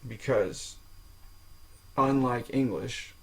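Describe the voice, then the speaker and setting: A man's voice: medium pitch, extremely slow, gravelly, a bit bright, rough recording. A man hosting a solo podcast, talking informally, swearing now and then and checking in with the listener with "okay?". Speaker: podcast host. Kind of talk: casual solo podcast talk.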